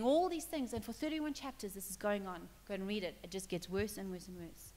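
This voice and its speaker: A woman's voice: mid-range voice, a little fast, hardly any pauses, in a large hall. A woman preaching a sermon in church, talking conversationally and building to emphatic points. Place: church hall.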